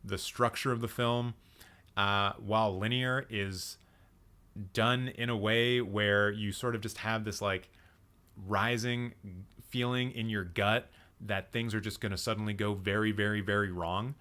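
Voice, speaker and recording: A man's voice: on the low side, fairly even intonation, unhurried, sharp tone, clean tone. A man hosting a live movie chat stream, thinking aloud with frequent ums and restarts as he reacts to the chat. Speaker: livestream movie chat host. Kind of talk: casual live-stream film discussion.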